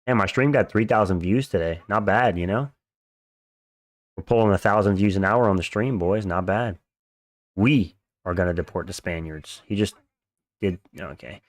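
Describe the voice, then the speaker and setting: A man's voice: deep voice, normal speed, no echo. A man hosting a livestream, chatting casually in slang while reacting to fights and thanking viewers for donations. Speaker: livestream host. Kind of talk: casual live fight-watch commentary.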